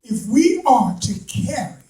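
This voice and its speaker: A man preaching a sermon to a responding congregation, building from slow talk into impassioned shouts with folksy turns of phrase. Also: extremely high pitch, big pitch swings. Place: church sanctuary. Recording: echoey hall, voice from a distance.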